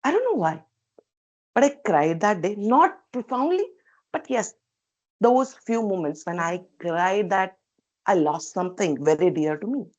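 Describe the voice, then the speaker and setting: A woman's voice: medium pitch, animated, a little slow, darkish tone, highs cut off. A woman giving a prepared, reflective personal speech at a club meeting over a video call, asking many rhetorical questions. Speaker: speaker at a public speaking club meeting.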